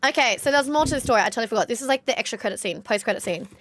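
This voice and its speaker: High, bright, congested Australian woman streamer. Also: lively intonation, rapid-fire. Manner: chatty storyteller, rambling with many "like" fillers. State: nasal congestion. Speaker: game streamer. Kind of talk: casual live-stream chat.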